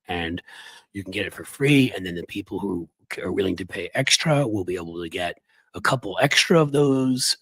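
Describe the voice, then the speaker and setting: A man hosting a political live stream, raspy from the flu, talking bluntly and conversationally to his viewers. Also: low-pitched, dry recording, poor audio. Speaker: political commentary host.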